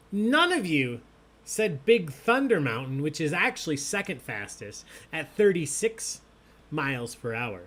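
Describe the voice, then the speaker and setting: Animated bright-voiced trivia host man. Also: fairly high pitch, measured pace. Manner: animated, upbeat, jokey. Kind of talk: livestream trivia hosting.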